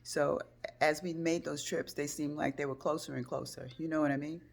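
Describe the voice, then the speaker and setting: Low-voiced older woman telling a personal story. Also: brisk, creaky. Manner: emotional retelling, acts out phone calls in a high excited voice. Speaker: vlogger.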